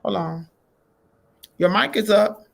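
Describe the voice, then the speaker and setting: A woman's voice: medium pitch, slow pace, gravelly. A woman hosting a faith-based talk show, greeting her guests and affirming them with an "amen.".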